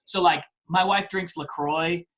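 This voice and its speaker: A man in his forties, a podcast guest telling a story in a casual, animated way, often laughing and poking fun at himself. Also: fairly high pitch, measured pace. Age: 40s.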